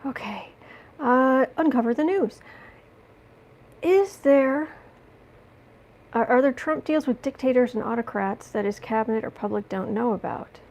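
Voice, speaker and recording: A woman hosting a casual livestream from home, chatting with viewers and reading their questions in a relaxed, rambling way. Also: a little high, a little slow, long pauses, dull audio. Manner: chatty, coos baby talk to her cat between reading viewer questions. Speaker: tarot reader and livestream host.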